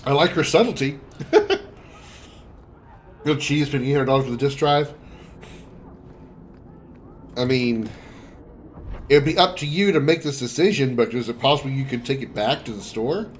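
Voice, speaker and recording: A man livestreaming a video game, chatting casually and making wry remarks to his viewers. His voice sits at a middling pitch. There is a faint noise in the background. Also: animated, normal speed, pauses often. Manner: wry, chatty, talks to chat.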